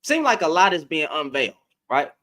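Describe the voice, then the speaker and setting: A man's voice: a little high, very animated, fairly quick, sharp tone, slight background noise. A man hosting a casual livestream, talking straight to his chat with a lot of repetition and taunting. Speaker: livestream host. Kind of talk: casual live-stream commentary.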